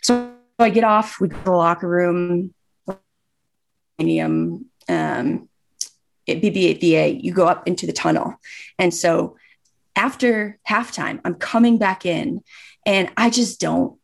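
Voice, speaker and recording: Gravelly-voiced woman telling a personal story. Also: on the low side, slow. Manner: earnest storytelling, acting out remembered dialogue. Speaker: guest. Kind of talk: personal story in a casual chat.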